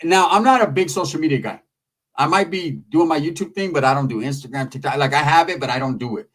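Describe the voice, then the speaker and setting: A man in a casual commentary monologue, talking freely and with a lot of profanity. His voice sits a little higher than most men's. Now and then he jumps into loud, high-pitched impressions of other people. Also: fast talker. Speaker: YouTube commentator.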